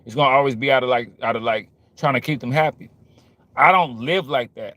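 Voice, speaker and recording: A young man talking casually in an animated, repetitive way, full of street slang. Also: medium pitch, a little fast, dry recording. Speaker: host. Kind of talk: casual monologue.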